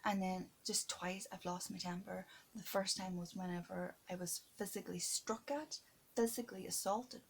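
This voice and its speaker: A woman recording an emotional video diary, earnest and stressed, close to tears, halting often with fillers and restarts and sometimes dropping to a whisper. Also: mid-range voice, steady tone, gravelly, slightly rough. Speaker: vlogger keeping a video diary.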